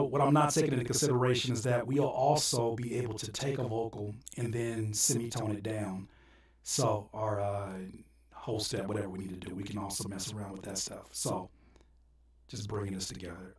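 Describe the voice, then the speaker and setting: A man, a rapper and producer, singing short choir takes and muttering quick asides about the session in his music studio. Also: fairly low pitch, distant mic. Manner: sings short harmony takes between quick mumbled asides. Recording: roomy, off-mic, loud music behind. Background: loud keyboard and organ music.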